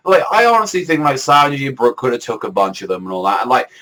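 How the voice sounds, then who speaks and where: A man's voice: mid-range voice, fast, pushed and bright, low-quality recording. A man reviewing a comic chapter in casual chat, rambling with lots of fillers and swearing. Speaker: manga reviewer.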